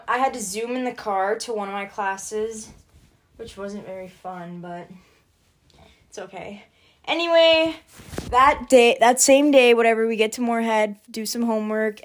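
A young woman chatting casually in a vlog, rambling with lots of fillers and restarts, laughing often as she talks while packing at home. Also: fairly high pitch. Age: young adult. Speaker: vlogger. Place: indoors at home, packing and moving around.

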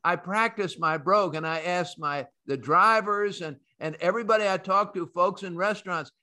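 A man's voice: high-pitched, moderate pace, pushed and bright. An American man hosting a market commentary podcast, emphatic and opinionated, talking straight to his listeners. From United States. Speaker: podcast host.

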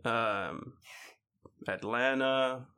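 A man's voice: mid-range voice, drawn-out words, sharp tone, clear, resonant tone. A man co-hosting a podcast in casual chat, swearing freely and laughing through his stories. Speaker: podcast co-host.

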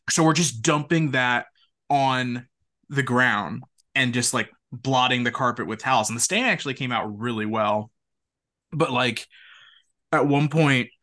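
Young male co-host, bright edgy voice, animated casual storyteller. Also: medium pitch, measured pace, pauses often. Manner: animated, laughing, quotes friends in voices. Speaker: podcast co-host.

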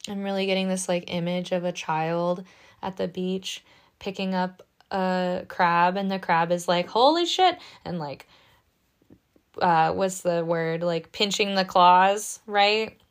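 Gentle, chatty woman tarot reader. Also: on the low side, flat delivery, takes it slowly, smooth. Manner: gentle and reassuring, chatty with many "like" and "right?" asides. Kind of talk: casual spoken tarot reading.

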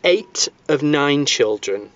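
A man's voice: a little high, lively intonation, takes it slowly, a bit bright, no echo. Rambling man telling history. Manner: rambling storytelling with many fillers and restarts. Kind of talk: casual chat. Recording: dull lo-fi sound.

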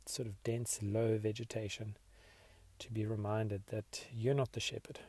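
Reflective male podcast host leading a slow meditation, low-pitched, husky, very even tone. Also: no echo. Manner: slow, reflective, soft-spoken.

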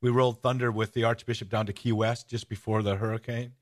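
A man hosting a podcast and telling a story with enthusiasm in casual chat. He rambles, restarts often and gets excited. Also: medium pitch, fast talker. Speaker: host.

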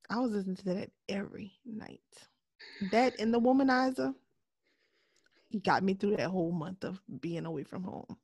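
A woman co-hosting a podcast in casual chat, candid and laughing often, sometimes dropping to a soft voice. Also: medium pitch, moderate pace, dry recording. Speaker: podcast co-host.

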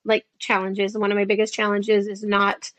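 A woman in her fifties chatting as a guest in an interview, animated and acting out the voices she quotes. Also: medium pitch, normal speed, no echo, lo-fi sound. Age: 50s. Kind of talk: casual interview chat.

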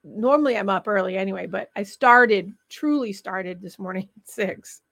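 A woman's voice: medium pitch, gravelly, fairly bright tone, dry recording. Woman host gabbing away in a studio, laughs a lot, dead dry sound. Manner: chatty, quick asides and laughing. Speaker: show host. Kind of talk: casual studio chat.

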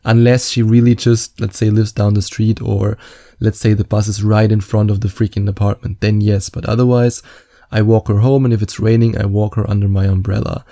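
Mellow-voiced man giving dating advice. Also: on the low side, level tone, a little fast. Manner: confident, candid and chatty, with self-mocking asides. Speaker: dating coach. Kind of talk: direct advice monologue.

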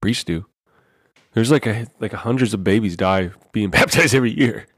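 A man's voice: lowish voice, normal speed, husky, no room sound, studio quality. A man casually telling crude stories on a podcast, acting out the dialogue as a father. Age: adult father. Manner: crude, animated storyteller who acts out dialogue. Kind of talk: casual storytelling chat.

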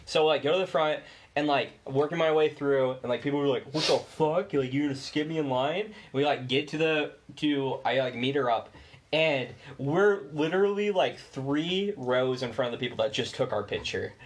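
A man's voice: mid-range voice, moderate pace. Rambling young man telling a story. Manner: rambling, heavy use of "like", swearing. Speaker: podcast co-host. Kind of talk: casual chat, storytelling.

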